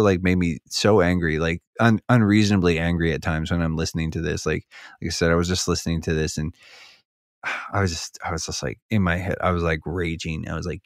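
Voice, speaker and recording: Low voiced guy rambling on a podcast, lots of likes and ums, worked up, dry sound. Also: no echo. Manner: rambling, heavy on filler words, gets heated. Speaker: podcast speaker. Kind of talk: casual podcast conversation.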